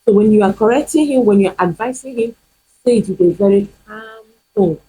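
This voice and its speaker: A woman's voice: mid-range voice, a little fast, dark tone, slightly rough, low-quality recording. A woman pastor, preaching emphatically in a teaching video, repeating her points and firing rhetorical questions. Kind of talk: sermon-style teaching video.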